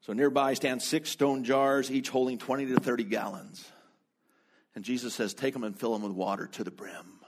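A man preaching a sermon in a relaxed, conversational storytelling way, with quick asides. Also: medium pitch. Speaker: pastor.

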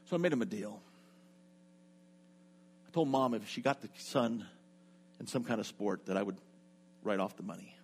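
A middle-aged pastor preaches in a gravelly, somewhat low voice with a breathy edge, moving at a moderate pace and pausing often. He brings a personal story to life, animatedly acting out what everyone said.

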